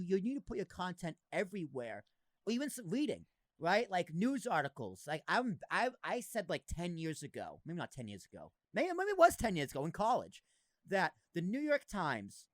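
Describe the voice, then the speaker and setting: This man in his thirties hosts a podcast and talks in a high voice, with no echo in the recording. His casual chat is animated, full of fillers and sprinkled with some swearing.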